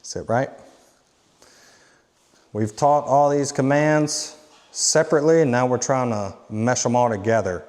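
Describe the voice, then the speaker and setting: A man working as a dog trainer, explaining steps plainly and giving short, quiet commands to a dog indoors. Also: mid-range voice, steady tone, moderate pace, big-room sound. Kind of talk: instructional training demo.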